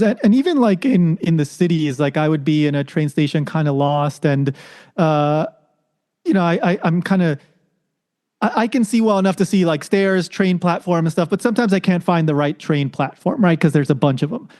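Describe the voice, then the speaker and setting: A man from the United States with a high voice talks through a story as a podcast guest. He is animated and lifts his pitch to act out what the people in the story said. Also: brisk. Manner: animated, acts out quoted voices with rising pitch. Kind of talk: casual storytelling.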